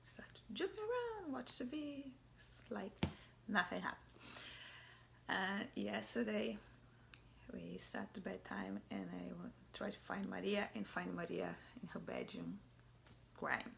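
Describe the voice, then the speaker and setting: A mother telling a personal story in a soft, halting voice that often drops to a whisper. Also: medium pitch, sing-song, vocal fry, a little hiss or hum. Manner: halting, searching for words.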